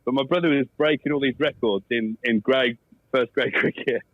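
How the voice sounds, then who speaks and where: An English man, a former cricketer, chatting as a podcast guest in a jokey, animated way. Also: medium pitch, no echo, highs cut off. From England. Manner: jokey, animated, quick to laugh. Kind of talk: casual chat and storytelling.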